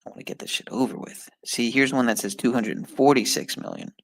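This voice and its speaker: A man's voice: medium pitch, expressive, brisk, creaky, no room sound, rough recording. A man streaming live, muttering and swearing in frustration as he works through an online test and talks to his viewers. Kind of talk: casual live-stream talk while taking an online test.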